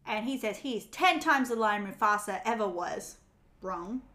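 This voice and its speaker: A woman's voice: mid-range voice, expressive, measured pace, pushed and bright. Chatty woman with a roomy echo. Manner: chatty, laughs often, acts out quotes. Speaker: podcast co-host. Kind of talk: casual chat recapping a film. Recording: echoey room.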